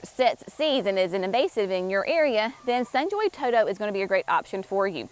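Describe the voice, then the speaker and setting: A woman's voice: mid-range voice, sing-song, a little fast. A woman presenting shrubs at a garden nursery, talking chattily and enthusiastically straight to her viewers. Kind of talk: casual product walkthrough for viewers.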